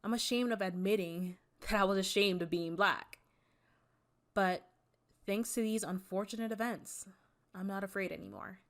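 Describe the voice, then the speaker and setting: A woman's voice: mid-range voice, steady tone, moderate pace. Young woman with a Valley Girl voice. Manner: earnest and candid, mixing serious and playful. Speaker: artist and YouTuber. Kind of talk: personal vlog monologue.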